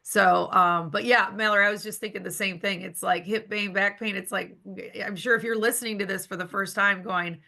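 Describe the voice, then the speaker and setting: A woman's voice: mid-range voice, steady tone, brisk, creaky, hardly any pauses, pushed and bright. A woman co-hosting a company podcast, speaking in an upbeat, enthusiastic, casual way. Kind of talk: casual promotional chat.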